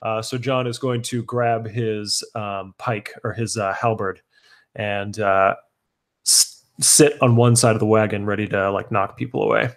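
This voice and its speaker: A man's voice: fairly low pitch, steady tone, measured pace. Hesitant man at a gaming table. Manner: hesitant, filler-heavy. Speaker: tabletop game player. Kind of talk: casual chat.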